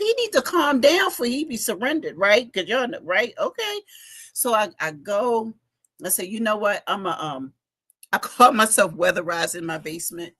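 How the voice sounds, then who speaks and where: A woman's voice: fairly high pitch, fairly bright tone, husky. A middle-aged woman, chatting animatedly to viewers in a casual livestream from her home basement, speaking into a phone. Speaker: fashion week organizer giving a live update.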